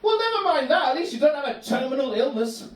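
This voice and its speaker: A man's voice: very high voice, very animated, fast, pitched above the performer's own voice. A man voicing a relentlessly cheerful male Buddhist monk friend who brushes off every woe in an upbeat, chirpy way, heard in an echoey room. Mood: serenely cheerful. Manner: chirpy, upbeat, dismissive of woes. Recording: echoey club room from a distant mic.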